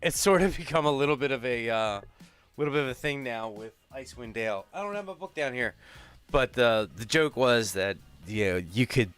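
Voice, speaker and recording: Stream host, male, smooth clear voice, upbeat and rambling, faint music behind. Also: mid-range voice, expressive, a little fast, fairly bright tone. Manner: upbeat, laughs often, rambling. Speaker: livestream host. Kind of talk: casual chat on a livestream.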